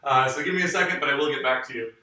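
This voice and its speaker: A man's voice: medium pitch, rapid-fire, sharp tone. A man teaching a live online dance lesson, explaining moves and counting the beats aloud while he demonstrates. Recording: very echoey room, mic far off.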